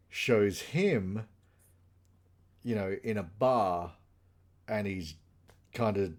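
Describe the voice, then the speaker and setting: A man's voice: fairly low pitch, darkish tone. A man on a casual podcast chat, retelling TV episodes in a loose, rambling way full of fillers and restarts. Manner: rambling plot recap with many fillers. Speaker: podcast co-host.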